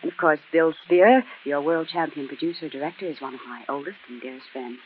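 A woman's voice: low-pitched, brisk, slight background noise. A young woman, a guest actress, chatting graciously and playfully on a 1940s radio show. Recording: tinny 1940s radio broadcast.

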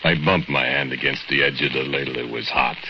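A man's voice: extremely low pitch, fairly even intonation, brisk, a little hiss or hum. An actor playing a drunken, brooding male foundry laborer who mutters in broken English and chuckles to himself, in 1940s radio-drama acting. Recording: dull lo-fi old radio recording with music.

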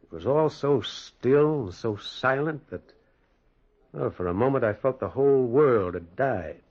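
In 1940s radio-acting style, an actor with an unhurried, husky mid-range voice narrates as the lead character, a lonely man haunted by memories. His storytelling is expressive, heard through a dull, lo-fi old radio recording.

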